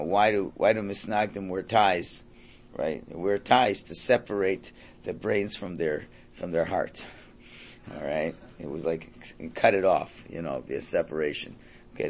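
A man teaching a Torah class, telling Hasidic stories in a conversational way. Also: lowish voice. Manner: storytelling, conversational, quotes characters.

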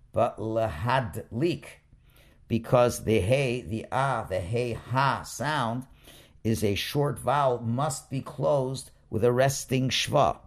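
A male teacher who speaks at an unhurried, deliberate pace, with a voice of average pitch. He explains rules patiently and sounds out syllables one by one. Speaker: Hebrew reading teacher. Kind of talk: slow explanatory lesson.

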